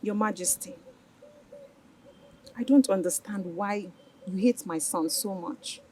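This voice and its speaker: A woman's voice: medium pitch, takes it slowly, dark tone, natural voice. An actress playing a protective, indignant royal wife and mother with a Nigerian accent in a film drama. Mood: pleading. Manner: pleading, indignant. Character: protective royal wife, defending her children. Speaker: queen and mother.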